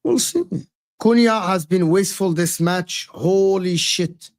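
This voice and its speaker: A man's voice: high voice, lively intonation, unhurried, a little mellow. A man co-hosting a casual football livestream, giving blunt opinions on players. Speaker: football stream co-host.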